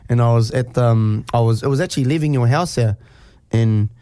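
A man's voice: mid-range voice, brisk, mellow, dry recording, clean studio sound. A young New Zealand man with a New Zealand accent, hosting a casual chat and telling stories broken up by sudden blurted tics. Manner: blurts out sudden vocal tics mid-story.

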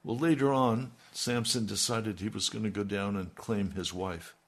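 Husky guy preaching, tells the bible story like chatting, throws in asides. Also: on the low side, fairly even intonation, normal speed. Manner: folksy retelling with conversational asides. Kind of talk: storytelling sermon.

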